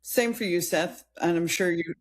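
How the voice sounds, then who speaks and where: Earnest woman with a lowish voice. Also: moderate pace. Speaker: podcast co-host. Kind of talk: casual reflective chat.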